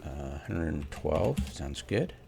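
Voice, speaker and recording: Man, low and gravelly, casual game commentary, exasperated rant, faint keyboard hum behind. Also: sing-song, slow, warm tone. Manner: exasperated, rhetorical questions, many ums. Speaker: game theorycrafter. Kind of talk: casual ranting commentary over gameplay.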